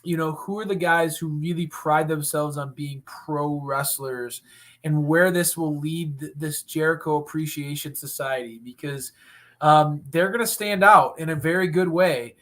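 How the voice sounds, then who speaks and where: Excitable man with a slightly high voice. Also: a little slow. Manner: enthusiastic, rambling with restarts. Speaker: co-host of a wrestling recap show. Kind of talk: casual chat.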